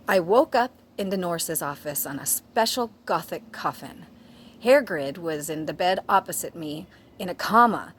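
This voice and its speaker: A woman giving a comedic dramatic reading, deadpan, reading out the punctuation. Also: fairly low pitch, slight background noise. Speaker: guest reader.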